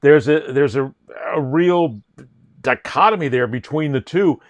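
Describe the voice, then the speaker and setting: A man's voice: a little high, a little slow, dry recording. A man hosting a sports podcast, talking in an opinionated, mocking way. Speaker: host.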